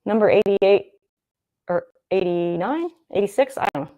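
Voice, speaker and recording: A young woman talks her way through a live football broadcast. She rambles and thinks out loud and keeps circling back to the action on screen. She sounds like a casual livestream host. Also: medium pitch, expressive, unhurried. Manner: chatty and rambling, thinking aloud. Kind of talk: casual live game commentary.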